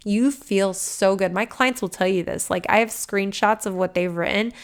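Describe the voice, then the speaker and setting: Swearing often, a woman on her podcast delivers an animated, informal pep talk that alternates between loud bursts and hushed side comments. She speaks at a normal speed with a medium-pitched voice.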